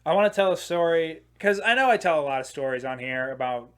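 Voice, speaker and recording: A man's voice: on the high side, expressive, quick pace, smooth. A young man in his twenties hosting a podcast, telling a long comedic story. He rambles, swears freely, leans on filler words, and laughs at his own jokes as he talks. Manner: rambling, profane, many filler "like"s. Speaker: podcast host.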